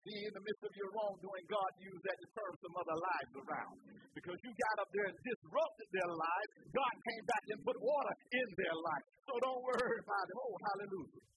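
A man's voice: high voice, a little fast, lo-fi sound, slight background noise. A man preaching a sermon in a folksy call-and-response style, calling out hallelujah and talking straight to young people. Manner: folksy, speaks to young people with everyday examples.

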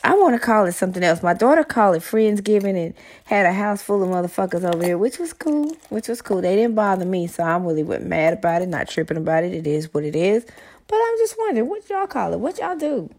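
A middle-aged woman vlogging to her viewers in a blunt, profane, excitable monologue. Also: lowish voice, fast.

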